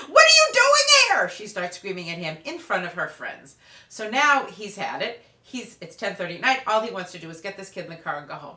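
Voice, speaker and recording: A woman parenting expert tells lively anecdotes in a storytelling talk. Her voice sits fairly low but sounds bright and forceful. The room around her is echoey.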